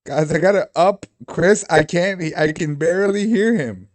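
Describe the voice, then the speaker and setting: A man's voice: sits high, normal speed. A man hosting a livestream, talking casually and joking, swearing freely. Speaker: livestream host. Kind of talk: casual live commentary.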